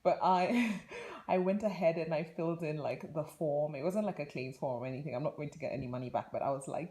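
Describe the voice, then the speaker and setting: A woman's voice: low-pitched, brisk, warm tone. A young woman vlogger telling a rambling, chatty story in a casual way, laughing often between her words.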